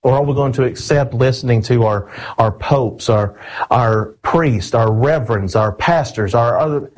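A man delivers a sermon in a husky, slightly breathy voice. He speaks earnestly and with emphasis, often calling his listeners friends. He slows down whenever he reads scripture aloud. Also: medium pitch, low-quality recording. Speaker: preacher.

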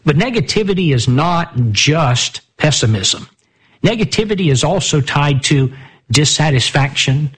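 A man's voice: fairly high pitch, animated, unhurried, fairly bright tone, breathy edge. A man teaching a Bible study, asking his listeners rhetorical questions and reading verses aloud.

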